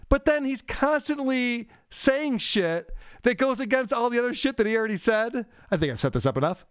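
A man's voice: high-pitched, smooth, dry recording, clean studio sound. A man hosting a podcast, chatting casually and joking sarcastically. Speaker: podcast host.

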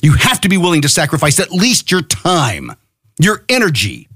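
A man's voice: on the high side, wildly swooping pitch, moderate pace, bright, forceful tone, breathy edge, no room sound, clean studio sound. A middle-aged American man hosting a podcast, delivering a fiery, profane political monologue that urges listeners to act. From United States. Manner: fiery, profane, rallying exhortation. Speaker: podcast host.

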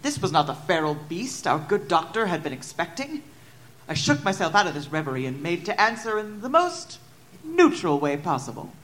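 A woman narrating a story in the first person, with expressive storytelling. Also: lowish voice, normal speed, poor audio. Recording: narration over music. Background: background music.

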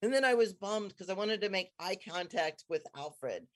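A speaker in casual conversation telling a personal story with excitement, rambling through restarts and jumping into high, squealing tones whenever quoting themselves. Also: normal speed. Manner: rambling, many restarts and trailing phrases.

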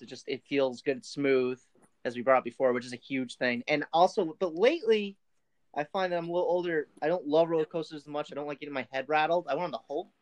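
A young adult man chatting casually as a podcast guest, rambling and restarting his sentences. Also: a little high. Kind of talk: casual chat.

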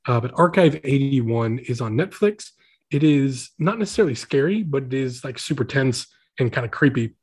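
A man's voice: mid-range voice, animated, normal speed, a little mellow, slightly rough. A man hosting a casual chat, rambling with lots of filler words. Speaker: podcast host.

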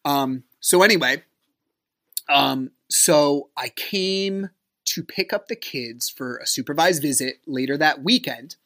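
A man hosting a podcast, talking through a personal story in a loose, conversational way. His speech is full of fillers and dry, exasperated asides. He leaps up in pitch when he acts out what others said. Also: slow pace, pushed and bright. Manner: casual and conversational, with frequent fillers; acts out quoted dialogue with big pitch jumps. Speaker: podcast host.

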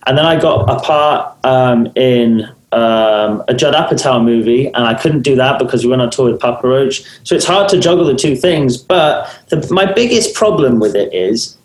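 A man with an English accent, a musician and actor telling stories in a casual interview, animated and self-mocking, often laughing. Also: mid-range voice, moderate pace, few pauses, reverberant, rough recording. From England.

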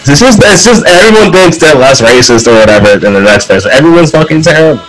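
A man's voice: fairly high pitch, quick pace, faint music behind, rough recording. Loose, profane man chatting on a podcast. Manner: loose, profane, riffing with bursts of excitement. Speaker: podcast co-host. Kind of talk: casual chat.

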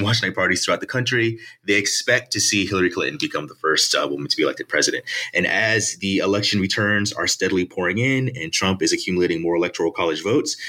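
A man with a very low voice and a bright, forceful tone, explaining his research in a measured, articulate way. He sounds like a professor in his thirties answering an interviewer's questions. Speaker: author and political science professor.

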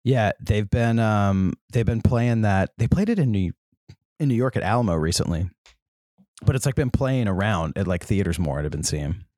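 Rambling man, low voice. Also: lively intonation, moderate pace, dark tone, no echo, clean studio sound. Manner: rambling storytelling with many ums. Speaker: podcast co-host. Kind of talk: casual chat.

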